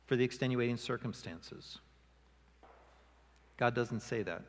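A man delivers a sermon in a church sanctuary, his middle-pitched voice carrying a long reverb tail. He preaches expressively, lifting his voice when he acts out quoted speakers and stressing the key lines. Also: unhurried, long pauses. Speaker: pastor.

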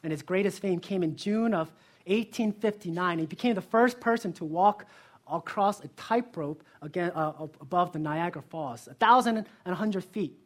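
Husky-voiced pastor preaching a sermon. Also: male voice, high voice, moderate pace. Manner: earnest, asks the listeners direct questions; lively storytelling.

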